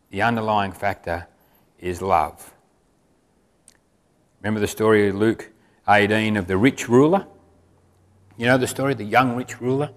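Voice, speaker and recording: A man preaching a sermon in a conversational way, asking the congregation questions. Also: on the low side. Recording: reverberant hall.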